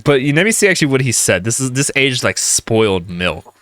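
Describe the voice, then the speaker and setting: A man's voice: mid-range voice, very animated, brisk, a bit bright, no echo, clean studio sound. Heated rambling man ranting. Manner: rambling, heated, full of restarts. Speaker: gaming commentator. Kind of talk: ranting commentary.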